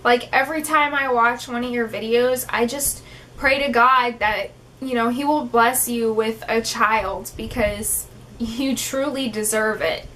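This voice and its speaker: A woman's voice: fairly high pitch, fairly even intonation, a little slow, fairly bright tone, a little hiss or hum. A young woman vlogging in an emotional, heartfelt way, tearful at times, with many fillers like "um" and "like". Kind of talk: emotional personal vlog talk.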